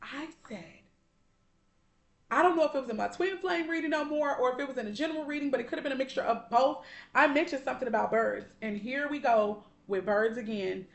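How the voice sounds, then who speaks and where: A young woman talks through a tarot spread for her viewers in a chatty, heartfelt way, with the odd curse word thrown in. Her voice sits a little high. The room around her sounds echoey. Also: a little fast. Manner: chatty and heartfelt, addresses viewers as y'all and baby, swears casually. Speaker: tarot card reader. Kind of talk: casual spiritual tarot reading to viewers. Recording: roomy echo.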